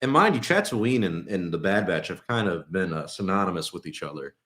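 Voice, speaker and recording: A man's voice: low voice, expressive, a little fast, fairly bright tone, reverberant. A man from Texas co-hosting a casual podcast, rambling with many restarts and fillers. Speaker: podcast co-host.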